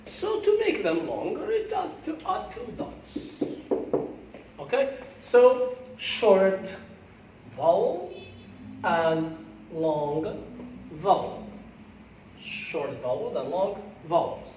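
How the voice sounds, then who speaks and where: Slow Algerian man teaching English pronunciation. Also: high voice, very animated, a little mellow, slight background noise. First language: Arabic. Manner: slow, repetitive, drills words aloud. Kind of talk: classroom pronunciation lesson. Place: classroom. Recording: echoey classroom from far off.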